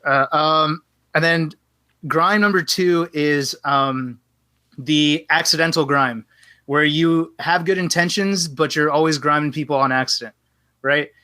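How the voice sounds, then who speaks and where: A man's voice: on the high side, a little slow, no echo. A man on a podcast, casually telling a long story and acting out both sides of the dialogue. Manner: animated, acts out both sides of quoted dialogue. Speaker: podcast guest.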